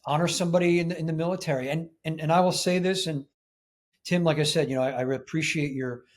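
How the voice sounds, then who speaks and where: A man's voice: fairly high pitch, steady tone, quick pace. A man speaking as a guest in an interview, in an earnest, emphatic way. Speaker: podcast guest. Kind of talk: casual interview chat.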